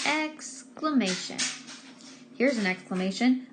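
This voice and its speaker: A woman teacher giving a patient, slow grammar lesson to first graders, stressing key words. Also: fairly high pitch, expressive, noisy background. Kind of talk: recorded remote grammar lesson for young children.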